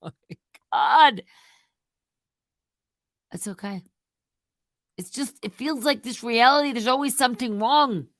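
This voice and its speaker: A middle-aged woman hosting a live stream, rambling casually and swinging between loud outbursts and muttered asides. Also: on the high side, unhurried, long pauses, no echo, studio quality.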